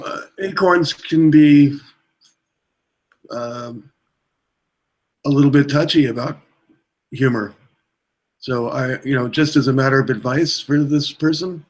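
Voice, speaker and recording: A man answering as a panelist at a mock press conference, hesitant and dry, with a soft-spoken delivery. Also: mid-range voice, rough recording. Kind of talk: deadpan comic answer.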